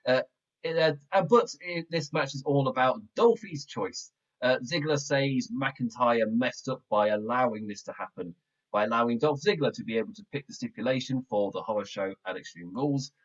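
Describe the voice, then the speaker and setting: A male podcast host giving a casual, rambling review of a wrestling show, excitable and quick to laugh. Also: mid-range voice. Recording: muffled lo-fi backup mic audio.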